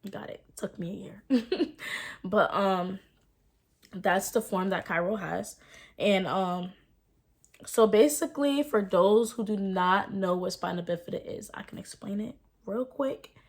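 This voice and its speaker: A young mother telling her story in a casual personal vlog, speaking with emotion, using many fillers, and talking to viewers as "y'all.". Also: mid-range voice. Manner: fast, filler-heavy speech with rising and falling intensity. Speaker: vlogger and mother.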